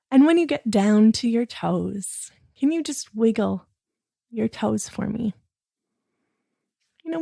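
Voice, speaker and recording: Slow, gentle, gravelly-voiced woman. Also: medium pitch, no echo, studio quality. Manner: gentle, coaxing, speaks directly to a child listener. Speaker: host of a children's bedtime podcast. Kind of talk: bedtime guided relaxation for children.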